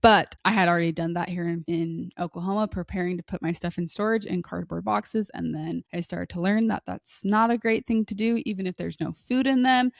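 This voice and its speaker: A chatty woman in her thirties spins long, rambling stories as a podcast co-host. Her voice carries a gravelly fry, and the sound is close and dry with no room echo. She keeps a casual, talkative pace. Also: fairly low pitch, steady tone, brisk, few pauses. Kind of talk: casual chat.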